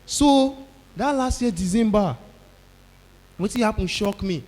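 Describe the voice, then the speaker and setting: A male stand-up comedian with a Nigerian Pidgin accent tells stories loudly and acts out the people in them. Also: high voice, measured pace, big-room sound. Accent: Nigerian Pidgin English. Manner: loud animated storytelling, acting out characters.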